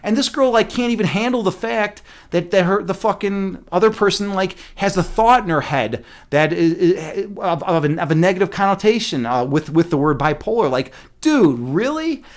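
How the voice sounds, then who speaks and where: A man telling a story in a casual rant, animated and profane, with many fillers and restarts. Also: high voice, normal speed, hardly any pauses. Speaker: streamer.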